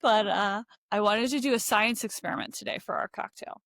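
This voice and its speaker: A woman's voice: medium pitch, a little fast, dry recording. A woman from Philadelphia with a Philadelphia accent, co-hosting a casual chat about cocktails. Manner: chatty and animated, filler-heavy. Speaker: podcast co-host.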